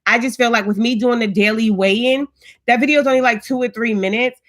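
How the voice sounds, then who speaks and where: A woman's voice: fairly high pitch, fairly even intonation, a little fast. A woman in her thirties hosting a live stream, chatting casually and greeting viewers by name with frequent restarts. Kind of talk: casual livestream chat.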